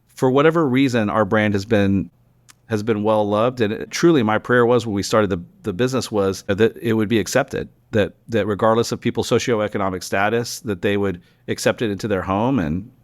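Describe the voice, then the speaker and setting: A middle-aged man from Texas, a company founder and podcast guest, telling animated stories in casual conversation, full of restarts and fillers. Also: fairly low pitch, dry recording. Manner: animated, rambling anecdotes with many restarts and fillers.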